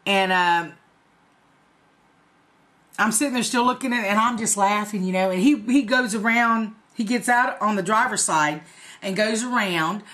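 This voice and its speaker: A woman's voice: mid-range voice, moderate pace, a bit bright. A woman in her forties telling a story in a casual, profane, laughing way to her viewers. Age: 40s. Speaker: vlogger.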